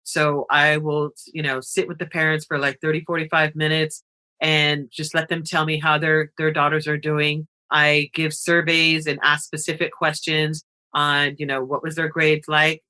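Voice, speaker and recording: A woman who founded a nonprofit, a guest on a radio interview, telling stories in a lively, expressive way and laughing often. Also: sits low, normal speed. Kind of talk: animated storytelling interview.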